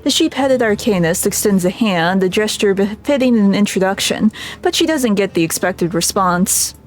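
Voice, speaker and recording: A woman's voice: mid-range voice, lively intonation, moderate pace, faint music behind. A woman streamer reading a game's story aloud, breaking off for chatty asides. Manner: narrating, with chatty asides and laughs.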